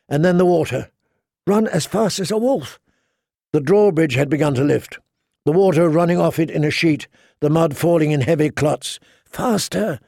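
A man narrating a story in a measured way, slowing down for dramatic beats. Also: on the high side, creaky, darkish tone, dry recording, clean studio sound. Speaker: audiobook narrator. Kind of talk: scripted narration.

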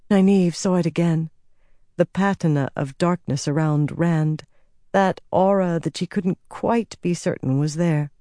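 A woman narrating a fantasy audiobook in a measured, steady way. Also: on the low side, no echo, clean studio sound.

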